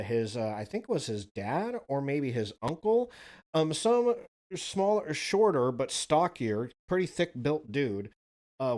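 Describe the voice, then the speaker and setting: A man's voice: medium pitch, darkish tone. Laid-back, swearing man telling stories. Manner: rambling, profane, laid-back. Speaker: podcast host. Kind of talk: casual storytelling monologue.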